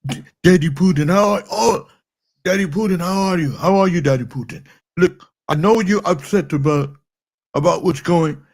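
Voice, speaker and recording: A man's voice: sits high, normal speed, a little mellow. A man voicing a pompous, self-important politician who repeats himself and grandstands in a comedy impression skit. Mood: fawning. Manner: repetitive, grandstanding.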